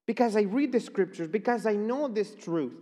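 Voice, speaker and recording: A man's voice: sits high, animated, normal speed, dark tone, in a large hall. A man preaching a chapel sermon, emphatic and declaring. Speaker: chapel speaker.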